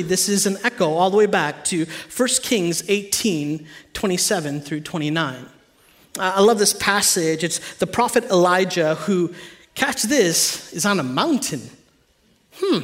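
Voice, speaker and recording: High-voiced man preaching a lively sermon. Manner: animated, conversational preaching. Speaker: pastor.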